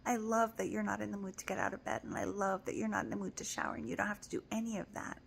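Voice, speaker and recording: A woman giving a casual motivational talk as a spiritual coach, soft and affectionate, repeating encouraging phrases and often dropping to a whisper. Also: medium pitch, level tone, quick pace, vocal fry, hardly any pauses, slight background noise. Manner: repetitive, encouraging.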